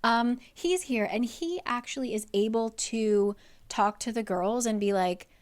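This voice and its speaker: A woman's voice: fairly high pitch, measured pace. A woman giving a casual, chatty recap of a book's plot, peppered with "like" and the odd swear word. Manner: chatty, swearing, heavy use of "like". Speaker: book recap creator.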